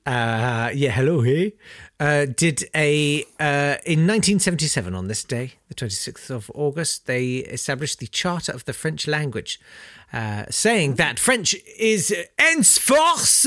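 A man's voice: mid-range voice, animated, normal speed, fairly bright tone, no echo, studio quality. A man from England co-hosting a casual comedy podcast, full of quips and puns. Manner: jokey, quips and puns, mock accents. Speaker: co-host.

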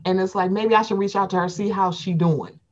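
A woman's voice: medium pitch, fairly quick, muffled recording. A woman chatting casually, animatedly acting out other people's lines in playful voices and swearing freely. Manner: animated, acts out quotes with playful voices, profane. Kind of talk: casual chat recapping reality TV.

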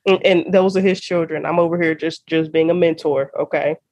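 A woman in her thirties hosting a faith podcast, talking in an animated, casual way and laughing often. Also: sits low, fairly quick, lo-fi sound. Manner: animated, laughs often, uses y'all and girl. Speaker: podcast host. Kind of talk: casual chat.

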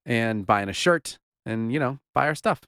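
A man's voice: mid-range voice, lively intonation, moderate pace, fairly bright tone, clean tone, no echo. A man co-hosting a podcast, trading wry, dry-humored banter in a casual chat. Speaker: podcast co-host.

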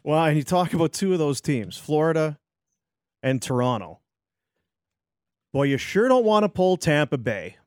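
This man co-hosts a sports talk show with a teasing, bantering delivery. His pitch jumps around a lot. The recording sounds dry and close to the mic. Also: big pitch swings, moderate pace, long pauses, darkish tone, clear, resonant tone, no echo.

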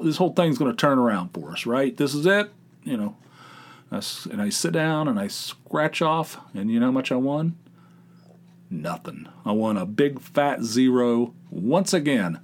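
A man hosting his own podcast, telling a casual story with exasperated, animated swings. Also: medium pitch. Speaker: podcast host.

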